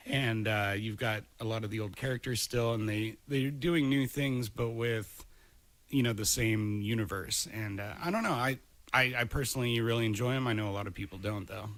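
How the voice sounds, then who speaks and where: A man's voice: on the low side, fairly bright tone, dry recording. A man hosting a podcast in casual chat, rambling and opinionated. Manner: rambling, opinionated, laughs easily. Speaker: podcast host.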